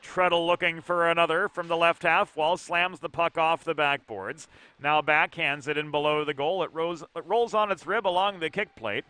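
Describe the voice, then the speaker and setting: Bright-voiced male hockey play-by-play caller. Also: on the high side, steady tone, dry recording. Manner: brisk, precise play-calling, dry asides. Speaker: play-by-play commentator. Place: ice arena broadcast position.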